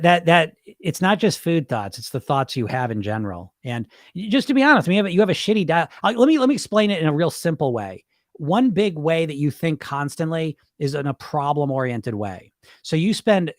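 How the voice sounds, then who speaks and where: A man's voice: on the high side, dry recording, studio quality. Blunt, profane male podcast host. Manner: blunt, profane, fast-shifting and animated. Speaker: weight loss hypnotist and podcast host. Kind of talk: casual podcast talk.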